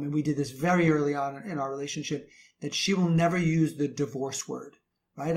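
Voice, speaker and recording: Male relationship coach, slightly higher voice, earnest and preachy, repeats himself for emphasis. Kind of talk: advice talk to men.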